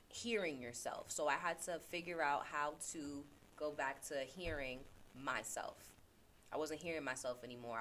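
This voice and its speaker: Her voice sits low with a slight brightness as this teacher hosts a podcast over a laptop mic. She discusses self-reflection in an earnest, casual way, circling back to the same phrases for emphasis.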